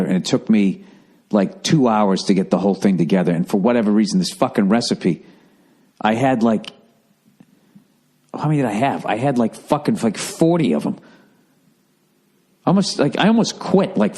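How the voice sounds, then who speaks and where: A man in his fifties with a Boston accent, hosting a podcast and telling a profane, animated comedic story. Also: fairly low pitch, slightly rough. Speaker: podcast host. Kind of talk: casual comedic monologue.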